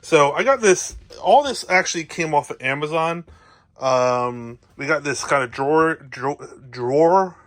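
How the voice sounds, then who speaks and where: A man with a New Jersey accent talks in a bright, forward voice that sits a little high, and he rambles cheerfully with plenty of ums and uhs. He is filming himself on a handheld camera inside a travel trailer, showing off his gear. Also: animated, normal speed. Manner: rambling, filler-heavy, upbeat. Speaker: RV vlogger. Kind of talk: casual show-and-tell vlog.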